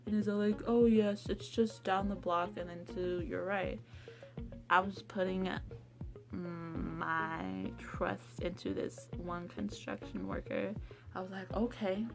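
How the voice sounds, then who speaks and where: A young woman vlogging a casual storytime, chatty, acting out quotes in a higher voice. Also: slow, creaky, music in the background.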